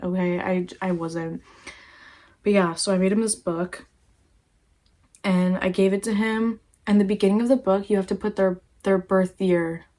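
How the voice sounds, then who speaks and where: A woman's voice: mid-range voice, warm tone. A young woman talking casually to camera, rambling through a personal story with lots of fillers and swearing. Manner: rambling, heavy use of "like", swears freely. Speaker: vlogger.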